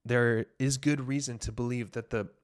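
A young man hosting a devotional podcast, teaching from the Bible in an earnest, emphatic way that builds to bursts of excitement. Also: medium pitch, normal speed, clean tone. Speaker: podcast host sharing a devotional.

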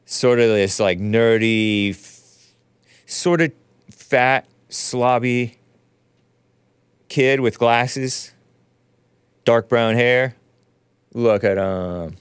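Guy hosting a show, slow and smooth, dry close mic, rambling sarcastic commentary. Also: mid-range voice, no room sound. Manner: sarcastic, rambling, with frequent laughs and asides. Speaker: show host. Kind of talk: casual commentary monologue.

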